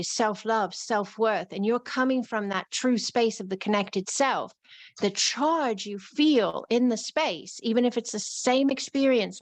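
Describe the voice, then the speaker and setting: A woman's voice: medium pitch, dry recording. A woman with a New York accent giving a live-streamed spiritual talk in flowing, repetitive phrases. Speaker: spiritual teacher.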